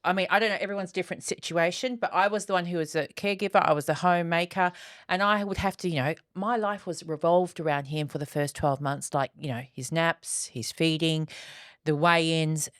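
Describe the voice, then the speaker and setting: A woman's voice: lowish voice, fairly even intonation, fairly quick, no room sound, studio quality. A woman co-hosting a casual chat podcast, speaking in an earnest, reflective way. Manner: earnest, reflective, with many restarts. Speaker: podcast co-host.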